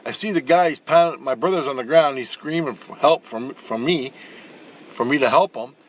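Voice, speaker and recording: A man's voice: medium pitch, normal speed. Blunt, profane man telling a story. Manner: profane, blunt, with frequent restarts and repeated words; animated, acting out the action as he tells it. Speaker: channel host recounting spirit-world dreams. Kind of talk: casual rambling storytelling.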